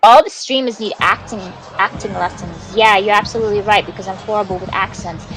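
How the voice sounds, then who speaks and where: A woman's voice: mid-range voice, brisk, music in the background, rough recording. A woman in her forties from Canada, rambling in casual, profane live-stream chat while she plays a game, saying dude a lot. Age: 40s.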